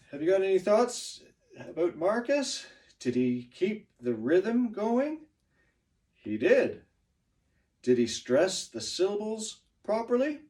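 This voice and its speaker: A man's voice: high voice, far from the mic. A man teaching a class, praising students by name and giving pronunciation feedback.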